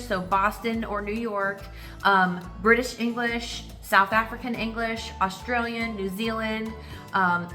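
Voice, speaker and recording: Bright-voiced woman teaching speech therapy. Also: medium pitch. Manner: clear, methodical teaching with frequent "so" and examples. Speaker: speech-language pathology educator. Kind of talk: explanatory product walkthrough.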